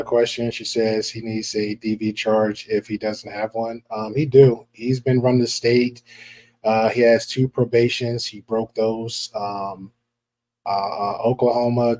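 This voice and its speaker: A man's voice: medium pitch, a little mellow, slight background noise. A man hosting a podcast, commenting casually and rambling with many fillers. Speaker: podcast host.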